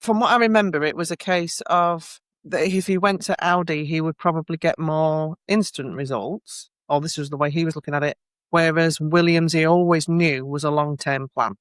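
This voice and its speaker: A chatty man hosting a podcast, thinking out loud and circling back on his words. His voice sits a little high and sounds smooth and clean. It is recorded close and dry, with no room sound. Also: fairly even intonation, normal speed, dry recording. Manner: chatty, musing aloud, hesitant restarts. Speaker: podcast host. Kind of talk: casual podcast chat.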